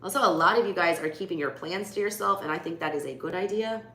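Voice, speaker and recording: This tarot reader talks fast in a low-leaning, pushed, bright voice. With a Southern US accent, she does a live reading in casual chat, blunt and cursing freely, recorded in an echoey room with faint background noise.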